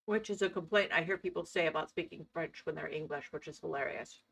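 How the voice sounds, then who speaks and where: A woman's voice: low voice, fast talker, gravelly, fairly bright tone. A woman streaming live, chatting playfully and laughing as she reacts to videos. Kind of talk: casual live-stream chat.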